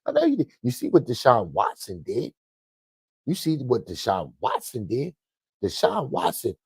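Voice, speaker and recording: Husky ranting sports host, man. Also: mid-range voice, darkish tone, no echo. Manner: profane, emphatic, repeats himself. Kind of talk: fiery sports rant.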